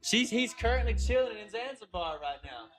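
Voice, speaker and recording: A man's voice: high voice, lively intonation, moderate pace, fairly bright tone, soft background music. A man hosting a livestream in casual chat, joking, swearing and laughing often. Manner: playful, profane, laughs often. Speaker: livestream host.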